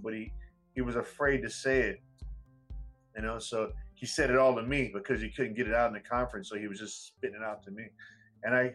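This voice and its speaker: A man's voice: medium pitch, fairly bright tone, rough recording. Man, rambling casual talk. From United States. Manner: rambling, frequent "you know" fillers. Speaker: English teacher. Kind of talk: casual conversation.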